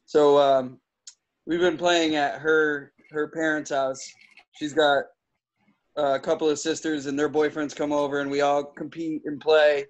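A man's voice: on the high side, little pitch movement, unhurried. Man telling a story, dull lo-fi sound. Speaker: podcast co-host. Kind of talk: casual chat.

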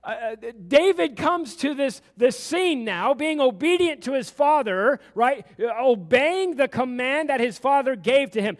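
A man's voice: very high voice, lively intonation, moderate pace, few pauses, big-room sound. A man preaching a sermon as pastor in a church, building intensity and asking the congregation questions as he goes. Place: church sanctuary.

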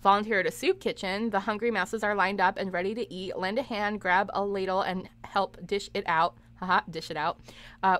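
A woman's voice: mid-range voice, fairly bright tone. A young woman chatting through a live game stream, giggling often and reacting to her chat. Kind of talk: live gameplay commentary.

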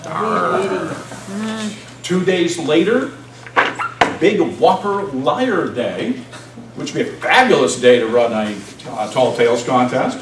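A man's voice: on the high side, very animated, measured pace. Playful man joking at a club seminar. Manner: playful, jokey. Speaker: club president and facilitator. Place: meeting room at a college. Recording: echoey room, distant mic, noisy.

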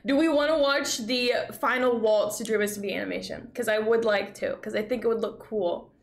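Excitable young woman streamer, high voice. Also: creaky. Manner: excitable, swears freely, quick exclamations. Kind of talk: casual chat reacting to videos.

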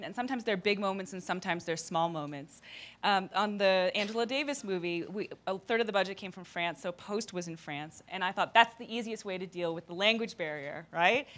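A woman documentary director telling an animated anecdote on a festival panel. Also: mid-range voice. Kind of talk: panel storytelling.

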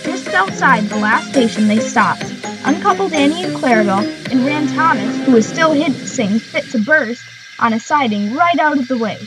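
A woman narrates a children's railway tale in a gentle, measured way. Her voice sits fairly high. Clear music plays underneath the reading. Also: lively intonation, low-quality recording. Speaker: storyteller. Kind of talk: storybook narration with character voices. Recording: music bed behind the voice. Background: background music.

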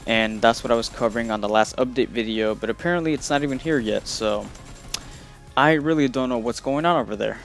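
A young man hosts a casual gaming news vlog, rambling loosely and packing his talk with fillers. His voice sits in the mid range and has some vocal fry, his pace runs a little fast, and soft music plays behind him.

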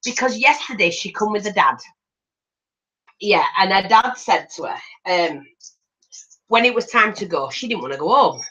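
An older woman with a bright, sharp tone and a lively, swooping delivery. She chats casually as she crafts and jumps into voices whenever she tells a story. The recording is a little dull and lo-fi. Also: mid-range voice, normal speed, pauses often. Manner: animated, acts out voices in anecdotes. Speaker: craft channel host. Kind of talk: chatty storytelling while crafting.

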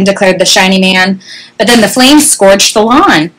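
A woman reading a children's story aloud with an animated, expressive delivery, recorded on a webcam. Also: medium pitch, normal speed, low-quality recording.

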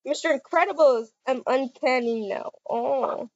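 An excitable young woman with a very high, bouncy voice, giggling and chattering at characters as she plays a game with a friend. The sound is muffled and lo-fi, yet dry and close, with no room around her. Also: measured pace, no echo. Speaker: gamer playing with a friend. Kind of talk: casual gameplay chatter.

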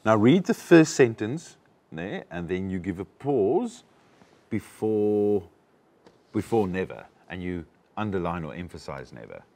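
A male acting coach leads a lesson, walking a student through each point. His voice sits very low yet moves with lively, animated swings in pitch. He sounds patient and instructive. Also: a little slow. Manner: instructive, explains step by step.

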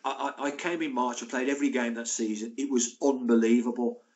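A man in his sixties recounts his playing days in a loose, chatty manner. His voice sits at an average pitch and he tells anecdotes with animated energy. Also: a little fast, highs cut off. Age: 60s. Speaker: former footballer guest. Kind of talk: casual interview storytelling.

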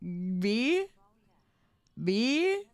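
A woman's voice: a little high, sing-song, drawn-out words, clear, resonant tone, no echo, clean studio sound. A woman streamer chatting playfully with her viewers, repeating words in a sing-song drawl. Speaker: livestreamer. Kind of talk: casual live-stream chat.

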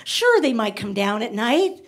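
High-voiced woman doing stand-up. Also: very animated, very noisy. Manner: chatty, rapid shifts into voiced asides. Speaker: stand-up comedian. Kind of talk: stand-up comedy set. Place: comedy club stage before a laughing audience.

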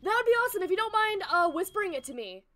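A woman game streamer chatting excitedly with her viewers while playing, laughing often. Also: very high-pitched, racing, a little hiss or hum. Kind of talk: excitable live-stream chat.

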